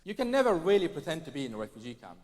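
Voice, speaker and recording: This stand-up comedian's voice is on the high side, sing-song, racing and a little mellow. Performing in a theatre, he does wry, mock-posh impressions of British people, captured live with long reverb and faint audience ambience.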